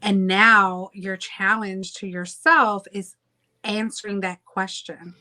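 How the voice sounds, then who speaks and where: Bright-voiced woman podcast host. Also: mid-range voice, fairly even intonation, slow pace. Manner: reflective, asks layered questions. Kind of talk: interview conversation.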